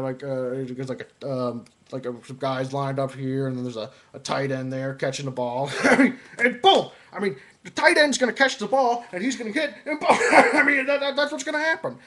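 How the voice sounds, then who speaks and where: A man doing an impression of an older football commentator who rambles, stammers and gets excited. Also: mid-range voice, close to an everyday voice.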